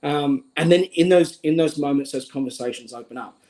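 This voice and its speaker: A man's voice: a little high, a little fast, warm tone, low-quality recording. A young man with an Australian accent, speaking earnestly as a guest in a livestream conversation and often repeating a word as he starts a thought. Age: young adult.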